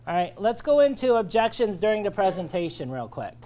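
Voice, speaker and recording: A man's voice: high-pitched, very animated, fairly quick, dark tone. Male sales trainer, training lecture, coaching, conversational. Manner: coaching, checks in with "all right?".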